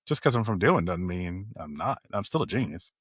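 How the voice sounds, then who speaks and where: Laid-back dad, low voice. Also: male voice, very animated, brisk, breathy edge, no echo. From rural Virginia, USA. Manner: laid-back, joking, chuckles often. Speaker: podcast host and father. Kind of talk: casual family podcast chat.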